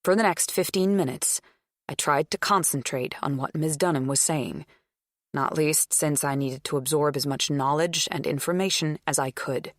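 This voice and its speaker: A woman reading a first-person thriller audiobook in a measured, steady way. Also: low-pitched, no echo, studio quality. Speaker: audiobook narrator.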